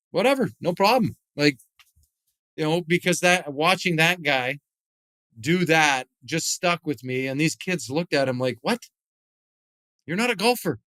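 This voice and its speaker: A middle-aged man, a retired hockey player and whisky founder, guests on a podcast with a bright, forceful, smooth voice on the high side, recorded with no room sound. He tells stories casually and ramblingly during the interview, with many fillers and restarts.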